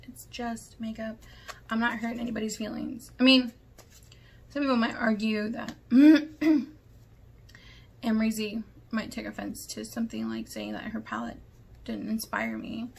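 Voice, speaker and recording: A woman's voice: fairly high pitch, animated, moderate pace, long pauses, slight background noise. A woman beauty vlogger talking candidly in a rambling rant, sometimes dropping into whispers. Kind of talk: casual vlog rant.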